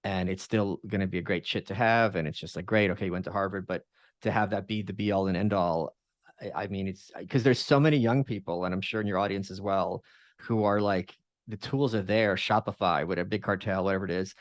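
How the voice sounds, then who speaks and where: A man's voice: low voice, fairly even intonation, dry recording. Emphatic man in dry casual chat. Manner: emphatic, quick asides and restarts. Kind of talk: casual conversation.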